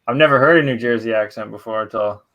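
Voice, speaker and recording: A Canadian man with a clear Canadian accent co-hosts a sports betting podcast. He is laid-back and swears freely, and he gets excitable. The sound is muffled, like a low-quality mic. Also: fast. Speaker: podcast co-host. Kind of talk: casual live betting podcast chat.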